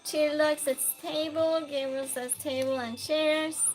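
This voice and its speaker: A woman hosting a live stream, chatting casually, reading viewer comments aloud and calling out loud greetings to regulars. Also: high-pitched, steady tone, takes it slowly, soft background music. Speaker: livestream host.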